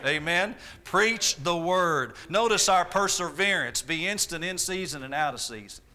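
A man's voice: fairly high pitch, normal speed, bright, forceful tone. A man, preaching a sermon with emphatic repetition and rhetorical questions. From Arkansas, US.

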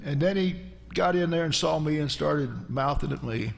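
A middle-aged preacher, telling a folksy, rambling story in a sermon. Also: male voice, fairly high pitch, moderate pace, creaky.

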